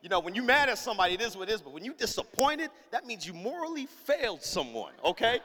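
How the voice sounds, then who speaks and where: Animated high-voiced pastor telling a story. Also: male voice, fast talker, few pauses, in a large hall. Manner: animated, acts out every character in the story; casual slang-heavy delivery. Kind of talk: storytelling sermon.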